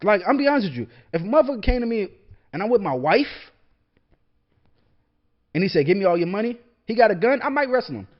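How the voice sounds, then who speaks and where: A man's voice: high-pitched, sing-song, fast, pauses often. A young man talking alone on a casual show, heated and profane, stumbling and repeating words as he gets worked up. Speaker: podcast host, military veteran. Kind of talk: casual solo monologue. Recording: dull lo-fi sound.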